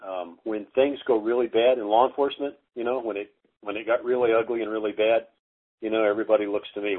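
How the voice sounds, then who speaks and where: A middle-aged man telling stories casually as a guest, halting, with many fillers and restarts. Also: fairly low pitch, fairly even intonation. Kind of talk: casual storytelling interview. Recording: phone-like narrow audio.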